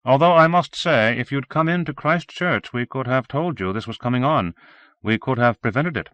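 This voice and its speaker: A man voicing a brisk, matter-of-fact male doctor, pitched higher and louder than his narration. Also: no echo, lo-fi sound, natural voice.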